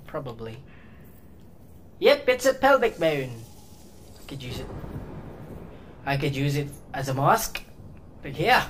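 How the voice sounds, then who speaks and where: A woman hosting a horror game let's play, chatty and excitable, thinking aloud and shrieking when startled. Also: fairly low pitch, slight background noise. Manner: thinks aloud with fillers and self-talk. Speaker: gaming video host.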